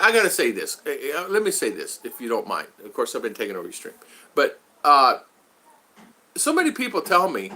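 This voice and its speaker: A man's voice: medium pitch, sing-song, fairly quick, bright, forceful tone, a little hiss or hum. A man hosting a casual livestream, chatting to viewers by name and telling stories. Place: home in the Philippines.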